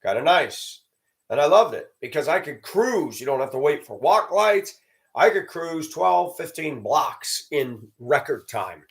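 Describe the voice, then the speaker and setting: A channel host from the American South rants in a sarcastic, judgmental monologue, hammering points through emphatic repetition. His voice is a little high and very animated, at a measured pace.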